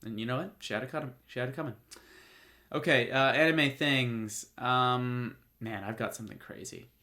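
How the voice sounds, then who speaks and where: A man at an ordinary mid pitch hosts a podcast solo, rambling through news with a joking, offhand tone. He talks loosely, with plenty of fillers, false starts and quick asides. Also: pushed and bright. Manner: rambling, jokey, many fillers and restarts. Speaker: podcast host. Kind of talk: casual solo commentary.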